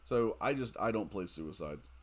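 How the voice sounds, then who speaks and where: Late at night, a man streams a mobile game and chats casually, reading viewer comments aloud, joking, and laughing a lot. His fairly low voice is expressive and moves at a normal speed.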